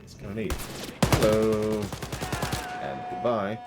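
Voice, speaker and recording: Deep-voiced jokey game streamer man. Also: flat delivery, takes it slowly, heavy background noise. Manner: rambling, jokey, self-mocking. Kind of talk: let's-play commentary.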